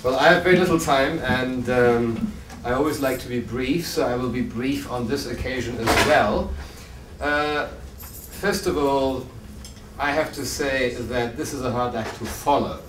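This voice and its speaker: A man's voice: medium pitch, a little slow. A man interviewing a senior scholar at an academic conference, speaking hesitantly with frequent filler sounds. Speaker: interviewer and incoming society president. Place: conference hall. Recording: roomy hall, distant mic, crowd noise.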